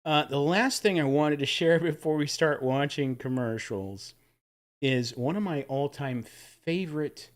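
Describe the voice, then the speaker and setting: A man's voice: fairly high pitch, measured pace. A man hosting a casual livestream, chatting enthusiastically and thanking viewers for tips. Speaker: livestream host.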